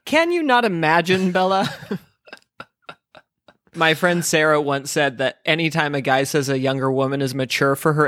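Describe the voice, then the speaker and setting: A man co-hosting a comedic book podcast, sarcastic and quick to laugh. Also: a little high, a bit bright, no room sound, studio quality. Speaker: podcast co-host.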